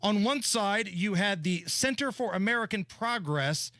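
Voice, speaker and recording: A man co-hosting a talk radio show, talking in an animated, sarcastic way into a studio microphone. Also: sits high, a little slow, dry recording. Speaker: radio co-host.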